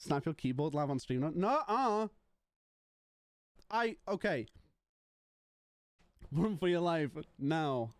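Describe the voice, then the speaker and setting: A man's voice: on the high side, lively intonation, takes it slowly, long pauses, a little mellow, no echo. A young man streaming live, chatting casually and joking with his viewers. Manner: playful, joking banter with chat.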